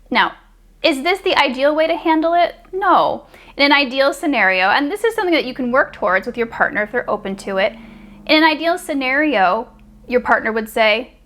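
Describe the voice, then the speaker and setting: A woman relationship coach talking straight to camera, calmly explaining, now and then acting out example lines. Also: on the high side, moderate pace. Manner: calm, explanatory, acts out example dialogue. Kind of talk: direct-to-camera advice talk.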